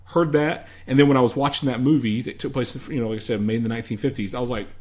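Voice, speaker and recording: A man's voice: medium pitch, steady tone, rapid-fire, darkish tone. A man co-hosting a casual podcast, retelling movie scenes in a rambling, hedging way. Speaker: podcast co-host. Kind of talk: casual movie recap chat.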